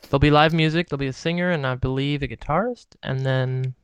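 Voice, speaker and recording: A man's voice: medium pitch, fairly even intonation, fast talker, clear, resonant tone, no echo. A man co-hosting a podcast, telling rambling, laid-back stories in casual chat, full of fillers. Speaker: podcast co-host.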